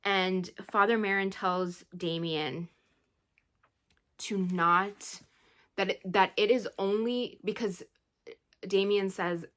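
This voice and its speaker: A woman's voice: mid-range voice, fairly even intonation, slow pace, long pauses, a bit bright. A woman vlogger chatting casually about a book she read, retelling it in a rambling, emotional way with sighs. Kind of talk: casual book review chat.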